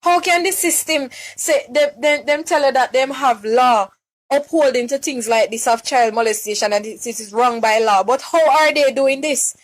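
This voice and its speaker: A woman's voice: high-pitched, normal speed. Distraught Jamaican woman pleading. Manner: pleading, repeats words and restarts, questions her listeners. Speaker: distressed mother speaking on a live stream. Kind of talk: emotional live-stream plea.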